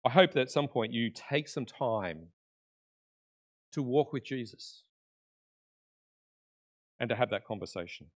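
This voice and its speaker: A man preaching a conversational sermon in church, swinging between loud emphasis and quiet, intimate asides. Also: medium pitch, lively intonation, measured pace, long pauses. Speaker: pastor.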